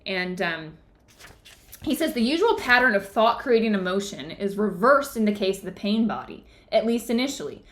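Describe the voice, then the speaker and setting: Young adult woman, book club host, chatty storyteller with a bright, lively voice. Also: medium pitch, moderate pace. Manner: chatty storytelling, many "like" fillers. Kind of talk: casual book discussion.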